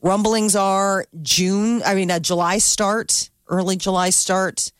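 A woman in a dry, close studio reads the day's news for a morning show. Her voice sits at a middle pitch. She keeps it casual and talky and laughs between items. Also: fairly even intonation, takes it slowly, smooth, no echo.

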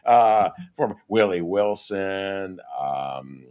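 A male host with a lowish voice talks in a casual interview. His pitch swings widely, from quiet mutters to excited, animated bursts. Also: takes it slowly, clean tone.

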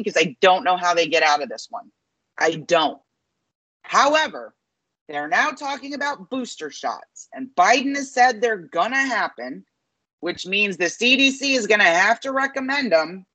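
A woman's voice: medium pitch, a bit bright, no room sound, low-quality recording. A woman co-hosting a podcast in casual political chat, speaking in a confident, matter-of-fact way. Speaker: podcast co-host.

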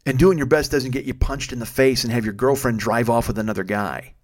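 A man's voice: mid-range voice, steady tone, brisk. A man telling a story from his driving job in a blunt, profane, exasperated way. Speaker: storyteller, rideshare driver. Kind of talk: casual storytelling.

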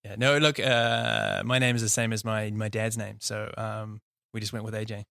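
A man with a New Zealand accent speaks in a gravelly, flat tone, telling his story with plenty of ums and easy laughs. The sound is close and dry, with no room around it. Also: fairly low pitch, normal speed, no room sound. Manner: relaxed, laughs easily, many fillers. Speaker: company founder, guest. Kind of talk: casual interview.

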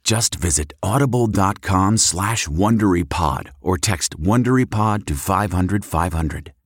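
A man reading a scripted promotional ad in a smooth, even delivery. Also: low-pitched, unhurried, dry recording, studio quality. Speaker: ad announcer. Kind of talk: scripted ad read.

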